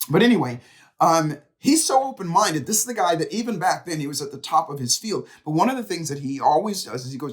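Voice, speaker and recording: A middle-aged man speaks as a motivational speaker, his voice sitting a little above the usual male pitch. He tells personal stories straight to the camera in an animated way. When he quotes others, he plays out their lines. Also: brisk. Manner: animated storytelling, acts out quotes. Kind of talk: direct-to-camera motivational talk.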